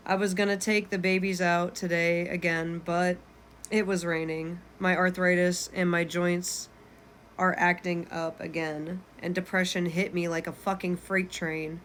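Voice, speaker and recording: A woman's voice: on the low side, flat delivery, measured pace, a bit bright, a little hiss or hum. A woman in her twenties reading her own journal aloud, candid and unfiltered, swearing casually. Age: 20s. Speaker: vlogger.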